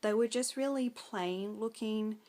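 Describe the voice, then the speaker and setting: A woman's voice: a little high, measured pace, dark tone. A young Australian woman with an Australian accent, rambling through a casual film review full of ums and likes.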